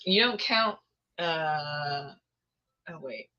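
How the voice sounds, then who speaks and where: Bright, lively woman chatting on a call. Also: sits low, drawn-out words, dull audio. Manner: playful and teasing, laughs often. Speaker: host. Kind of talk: casual chat on a video call. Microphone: headphones on a video call.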